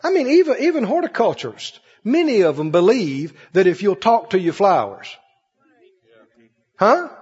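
A man preaching a sermon in a large church. He works the crowd with call-and-response, swinging from loud, high cries down to low murmurs. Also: very animated, moderate pace, slightly rough. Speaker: pastor. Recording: muffled recording with long hall reverb.

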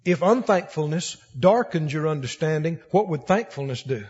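Fervent preacher man, high lively voice. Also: normal speed, husky. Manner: fervent, repetitive preaching with rising emphasis. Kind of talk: sermon. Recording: lo-fi recording in a reverberant hall.

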